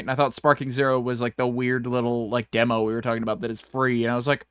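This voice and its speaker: A man's voice: mid-range voice, fast, few pauses, smooth, no echo, clean studio sound. Rambling, profane young man on a podcast. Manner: rambling, profane, animated, puts on comic voices. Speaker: podcast co-host. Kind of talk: casual banter, storytelling with silly voices.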